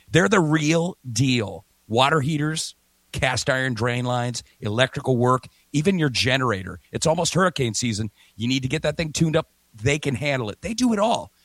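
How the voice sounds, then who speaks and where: A man's voice: medium pitch, fairly bright tone, no room sound. A man hosting a morning radio talk show, chatting energetically and reading ads with emphatic repetition. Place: remote broadcast from a hotel or home setup.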